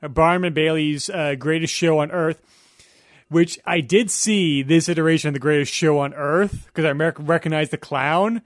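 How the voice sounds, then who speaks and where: Young guy guesting on a podcast, kinda high voice, dry close mic, acts out lines. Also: normal speed, dry recording. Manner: retells scenes, acting out lines. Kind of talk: casual movie podcast chat.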